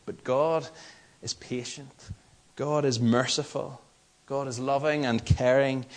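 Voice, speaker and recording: A Northern Irish man delivers a sermon in an earnest, measured way. He presses each point home by repeating phrases, and his pitch sits in an ordinary middle range. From Northern Ireland. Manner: earnest, measured, with emphatic repetition. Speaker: preacher.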